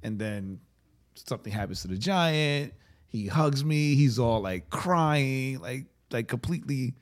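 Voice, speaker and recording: Excitable man telling stories on a podcast. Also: mid-range voice, measured pace. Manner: excitable storyteller, many "like" and "right?" fillers. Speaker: podcast co-host. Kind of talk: casual chat.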